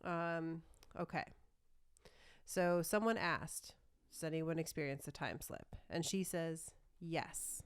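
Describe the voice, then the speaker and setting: Podcast lady, low smooth voice, reads stuff out with little laughs. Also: measured pace. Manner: reads a story aloud with small laughs and restarts. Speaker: podcast co-host. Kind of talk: casual chat and reading aloud.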